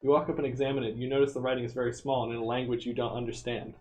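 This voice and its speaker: A man's voice: mid-range voice, level tone, racing, darkish tone, faint music behind. A man streaming himself as he reads a text adventure game aloud, in a casual, amused way with asides. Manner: casual, amused, with frequent laughs.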